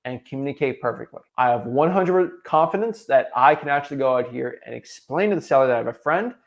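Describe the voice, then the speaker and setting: A man's voice: mid-range voice, expressive, fast talker, gravelly. A young man coaching real estate wholesalers, delivering an emphatic, repetitive motivational talk.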